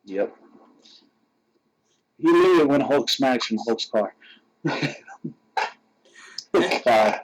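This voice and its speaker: Animated man telling a wild story. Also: mid-range voice, slow, long pauses, poor audio. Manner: animated, laughing, voices friends in quotes. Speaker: podcast co-host. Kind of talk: casual storytelling.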